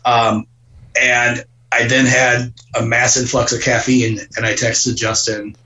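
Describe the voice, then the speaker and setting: A man from Wisconsin, a guest podcast host, chatting casually in a quick, joking, self-mocking way. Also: mid-range voice, flat delivery, bright, forceful tone, highs cut off, slight background noise.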